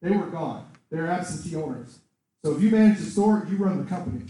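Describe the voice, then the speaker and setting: A man preaching and telling his own story in a mellow, fairly high voice. He tells it in an animated way, the words ringing out through a very echoey room. The mic sits well away from him. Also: a little fast, distant mic. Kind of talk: sermon with personal testimony.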